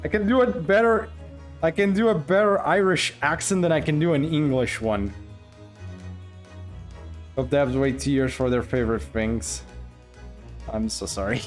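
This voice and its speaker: A man's voice: fairly high pitch, normal speed, long pauses, soft background music. A man streaming a video game live, chatting casually, joking and laughing as he talks back to his viewers. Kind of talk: casual live gameplay commentary.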